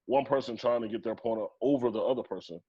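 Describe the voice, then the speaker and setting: A man's voice: medium pitch, fast talker, dark tone, breathy edge. A man co-hosting a casual podcast, arguing his point bluntly and swearing freely. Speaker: podcast co-host. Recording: dull lo-fi sound.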